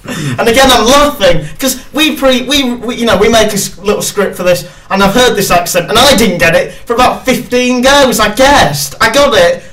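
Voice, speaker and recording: A man's voice: very high-pitched, moderate pace, fairly bright tone. A man hosting a casual chat show, upbeat and joking as he introduces segments. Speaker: host. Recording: distant mic with faint noise.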